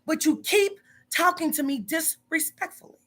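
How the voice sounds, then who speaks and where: A woman's voice: very high-pitched, normal speed, a bit bright. A woman who runs a psychic reading business, confronting a staff member in a profane, emphatic monologue full of repetition.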